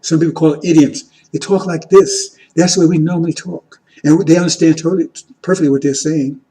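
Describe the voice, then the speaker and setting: A man giving an informal teaching sermon, repeating "See?" and "right?", moving between loud emphatic lines and quiet asides. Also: on the high side, steady tone, brisk, poor audio. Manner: repetitive, keeps asking "See?" and "right?". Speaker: religious teacher.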